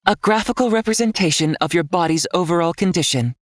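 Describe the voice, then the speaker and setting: A man putting on a detached female interface voice, pitched well above a male narrator's own voice. It explains in precise, matter-of-fact sentences. The sound is dry and close. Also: quick pace, dry recording, lightly acted. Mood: explanatory. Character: calm female system interface voice.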